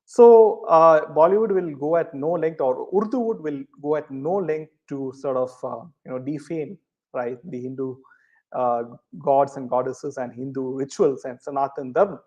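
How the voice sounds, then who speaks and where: A man hosts a casual live chat and reads out viewer comments, hesitating with plenty of ums and uhs and rhetorically closing his points with "right?". His mid-range voice has a darkish tone and moderate pace, and the recording sounds muffled.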